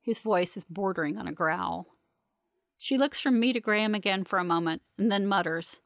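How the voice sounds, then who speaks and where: A woman narrating a first-person audiobook in a steady, composed, unemotional way. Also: fairly low pitch, normal speed, gravelly, no room sound, studio quality.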